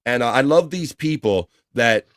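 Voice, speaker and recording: A man's voice: medium pitch, lively intonation, moderate pace, fairly bright tone, no room sound, studio quality. A man hosting a livestream talk show, wisecracking, laughing often and reading viewer comments.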